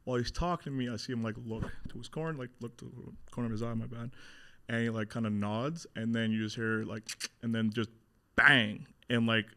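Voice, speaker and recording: A man in his thirties, appearing as an interview guest, tells his story in a medium-pitched, fairly even voice that sounds pushed and bright and runs a little fast. He's blunt, swears often, and acts out what people said.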